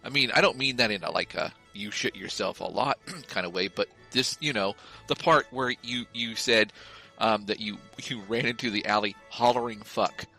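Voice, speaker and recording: A man co-hosting a podcast, chatting casually in an animated way and jumping between thoughts. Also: lowish voice, normal speed, creaky, faint music behind, rough recording. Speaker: podcast co-host.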